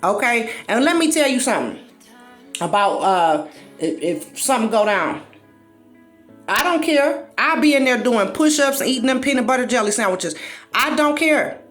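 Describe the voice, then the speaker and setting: A woman's voice: on the high side, normal speed, faint music behind. A woman, hosting a casual commentary monologue, blunt and profane, acting out quotes as she tells stories. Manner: blunt, profane, animated storytelling with acted-out quotes. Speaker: commentary host.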